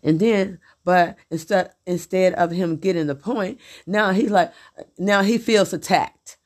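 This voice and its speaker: A woman's voice: lowish voice, measured pace, darkish tone. A middle-aged woman venting in a blunt, profane, repetitive monologue about her husband. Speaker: vlogger.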